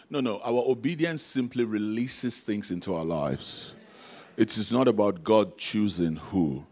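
A man's voice: fairly low pitch, unhurried, darkish tone. A man preaching a sermon, calling out to the congregation with rhetorical questions and frequent laughs. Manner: laughs often between points.

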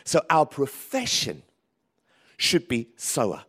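A man preaching a sermon in church, lively and emphatic, with frequent restarts. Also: a little high, a little slow. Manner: lively, rising to emphatic calls, with many restarts. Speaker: pastor.

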